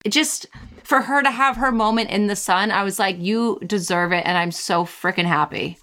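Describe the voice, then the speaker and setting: A woman hosts a casual podcast chat at an ordinary, mid-range pitch. She talks in a quick, emphatic and opinionated way, pressing each point with animated energy. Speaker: podcast host.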